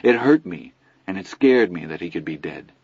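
A man reading a first-person novel aloud in a steady, reflective storytelling manner, in a dull lo-fi recording. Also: sits low, moderate pace, slightly rough, no room sound. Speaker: audiobook narrator. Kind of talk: first-person literary narration.

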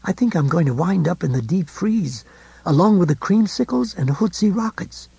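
A man voicing the inner thoughts of a dazed older man, in a hushed, inward tone close to his own reading voice. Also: high-pitched, animated, normal speed, vocal fry, breathy edge, no room sound, full character voice. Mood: awed.

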